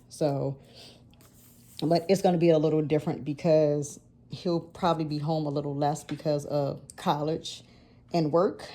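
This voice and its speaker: A planner vlogger in her thirties narrates her planner decorating in a loose, rambling way, often correcting herself and laughing between thoughts. Her low, mellow voice gives the casual vlog an easygoing, chatty feel.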